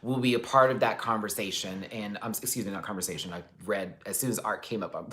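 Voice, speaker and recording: A man hosting a relaxed livestream, telling a story in a lively, expressive way. He drops swear words freely and breaks off to thank his viewers by name. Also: lowish voice, fast talker. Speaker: livestream host.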